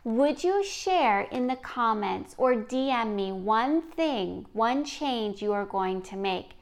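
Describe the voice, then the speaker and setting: A woman hosts a podcast, talking to her listener in an earnest, encouraging way. Her voice sits a little high, and she takes her time, letting each phrase land slowly. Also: lively intonation. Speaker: podcast host. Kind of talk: scripted podcast monologue.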